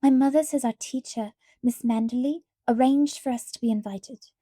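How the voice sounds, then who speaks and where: A young girl rattles on with excitement, as a woman reader puts her on. Her voice sits a little high with a dark, mellow tone, recorded dry and close. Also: moderate pace, no echo, lightly acted. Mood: excited chatter. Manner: chattering, excited.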